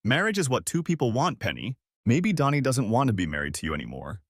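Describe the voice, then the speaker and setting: A man's voice: mid-range voice, big pitch swings, quick pace, no room sound, clean studio sound. A man voicing a stern middle-aged mother who scolds bluntly, in a storybook reading. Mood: scolding.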